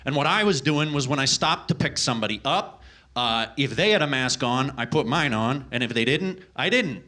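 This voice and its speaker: A man's voice: mid-range voice, animated, normal speed, pushed and bright. A man doing a stand-up comedy set on a club stage, ranting with exasperated, profane energy into a handheld microphone.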